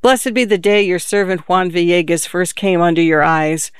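A boastful young man full of swagger, speaking in sweeping, ornate phrases, as a male reader puts him on. The voice sits high and comes through smooth and clean in a dry, close room. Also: fairly even intonation, moderate pace, no room sound, close to an everyday voice. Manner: grand, flowery speech.

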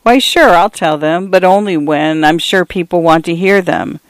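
Man reading as a gentle old pioneer grandfather. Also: on the high side, no echo, close to an everyday voice. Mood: wistful. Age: older. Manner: slow, gentle, wistful.

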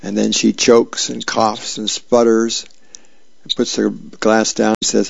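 A man with a deeply gravelly, creaky voice reads newspaper comics aloud as a radio reader. He calmly walks through each frame in a plain, unhurried way. The sound is very dry and slightly dull, like a lo-fi broadcast. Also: no echo. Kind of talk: reading comic strips aloud.

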